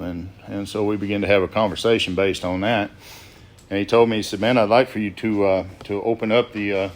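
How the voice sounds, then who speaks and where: A man sharing his recovery story at a sobriety gathering, plainspoken, often quoting others in lively asides. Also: fairly low pitch, fairly quick, pauses often. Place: gathering at a biker rally.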